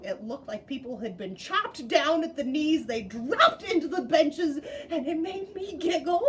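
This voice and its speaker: A woman telling a personal story at a story slam, animated, with big swings in pitch and loudness. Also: slight background noise, poor audio.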